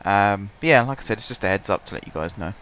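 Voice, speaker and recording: A man casually commentating his own football management game, his voice stuffy and blocked up, chatty and self-mocking, clearing his throat now and then. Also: on the low side, lively intonation, quick pace, a bit bright, slight background noise. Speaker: gaming commentator. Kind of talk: casual let's-play commentary.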